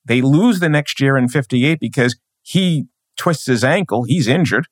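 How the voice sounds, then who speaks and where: A man talking as a guest on a podcast, emphatic and driving, stacking up his points one after another. His voice sits at a middle pitch. The studio sound is dry and close. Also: lively intonation, moderate pace, no echo. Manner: emphatic, building points with repeated phrases. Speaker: sports journalist guest. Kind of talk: podcast interview.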